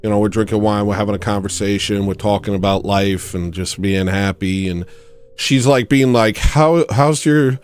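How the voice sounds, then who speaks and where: A man's voice: on the low side, steady tone, normal speed, clear, resonant tone. A man hosting a livestream, rambling through a comedic monologue that jumps between tangents and laughs at his own jokes. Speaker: livestream host.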